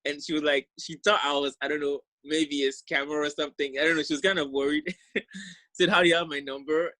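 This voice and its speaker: A man's voice: a little high, fairly even intonation, fairly quick, bright, forceful tone, dry recording. A young man from Ghana with a Ghanaian accent, casually telling a story from his exchange year and laughing easily. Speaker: exchange program alumnus.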